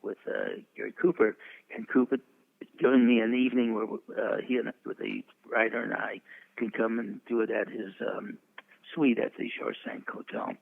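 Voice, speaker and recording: Gravelly old man on a tinny line. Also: fairly low pitch, lively intonation, normal speed. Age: 80s. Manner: chuckling, rambling storyteller. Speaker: veteran publicist guest. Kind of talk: anecdotal interview storytelling.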